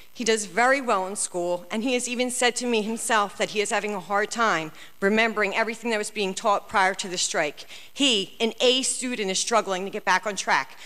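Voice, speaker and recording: A woman's voice: mid-range voice, fairly bright tone. A woman giving an emotional, earnest prepared comment as a parent at a public school board meeting. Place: large meeting hall. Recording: long hall reverb.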